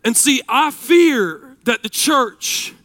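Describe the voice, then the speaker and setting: A man, preaching a sermon that swings between shouted passages and hushed storytelling. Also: extremely high pitch, lively intonation, slow, no echo.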